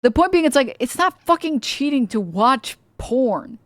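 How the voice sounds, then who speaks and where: A woman's voice: sits high, big pitch swings, measured pace, no echo, studio quality. Incredulous, swearing woman streamer. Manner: incredulous, profane ranting. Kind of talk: live-stream reaction commentary.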